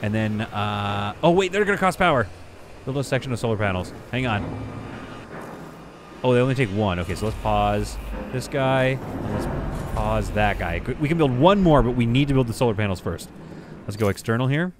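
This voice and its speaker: A man commentating casually on a space building game, thinking aloud and reacting with excited exclamations. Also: lowish voice, normal speed, noisy background. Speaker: gameplay commentator. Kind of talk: casual let's-play commentary.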